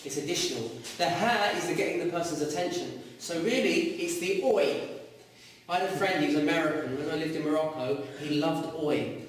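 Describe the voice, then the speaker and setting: A man teaching a class, lively and quizzing his students. His voice sits fairly high for a man. It is recorded from a distance in a very echoey room. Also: brisk. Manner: lively, asks students questions. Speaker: Arabic teacher. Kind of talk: classroom lecture. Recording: echoey room, mic far off.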